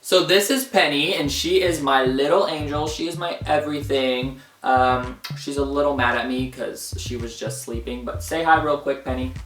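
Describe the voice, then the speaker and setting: A man's voice: mid-range voice, moderate pace, few pauses, fairly bright tone, distant mic, slight background noise. A young man around twenty telling a dramatic story time on his vlog, full of "like" fillers. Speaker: vlogger. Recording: roomy echo, off-mic, faint music.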